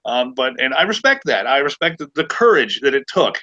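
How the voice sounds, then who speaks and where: In a muffled recording, a podcast host in his forties chats casually, telling stories with sarcasm and stammering through plenty of restarts. His medium-pitched voice is sing-song and sharp, and he talks a little fast.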